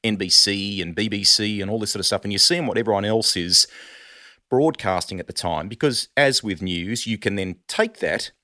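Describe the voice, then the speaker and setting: Aussie bloke, middle aged, lowish voice, yarning away on a dry podcast mic. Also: male voice, normal speed, no room sound. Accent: Australian. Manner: animated storyteller, says "mate" often. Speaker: sports broadcaster, guest. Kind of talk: casual storytelling chat.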